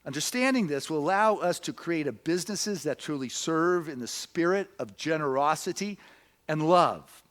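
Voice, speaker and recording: A man's voice: a little high, expressive, moderate pace, a bit bright. A male minister giving a sermon, earnest and conversational, moving into storytelling and often adding "you know".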